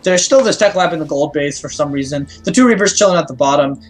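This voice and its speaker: A man co-casting a strategy game match, giving relaxed color commentary with dry remarks. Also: a little high, fast talker. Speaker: co-caster. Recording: game music behind.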